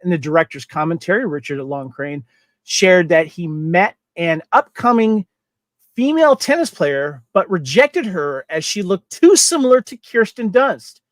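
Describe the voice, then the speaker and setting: High-pitched guy hosting a movie podcast, chatty, reads trivia, dry close sound. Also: expressive, measured pace, no echo. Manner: chatty, reads trivia and quotes aloud, laughs often. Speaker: podcast host. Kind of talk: casual movie podcast chat.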